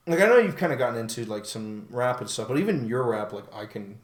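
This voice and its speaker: A man's voice: medium pitch, animated, fast. Easygoing chatty man, echoey room. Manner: easygoing, chatty, laughs often. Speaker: podcast host. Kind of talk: casual chat.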